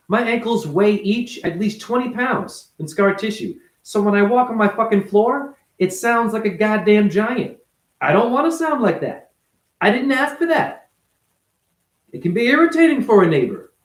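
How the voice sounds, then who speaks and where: A man with a high-pitched voice holds forth in a blunt, profane, emphatic monologue. He sounds like he is recording himself at home, his voice bouncing around a roomy, echoey apartment. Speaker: vlogger, former ballet dancer. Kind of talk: unscripted monologue rant.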